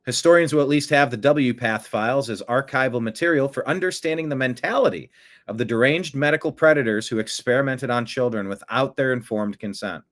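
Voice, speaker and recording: A man's voice: mid-range voice, a little fast. A middle-aged man hosting an online political commentary show, blunt and sarcastic with rambling asides.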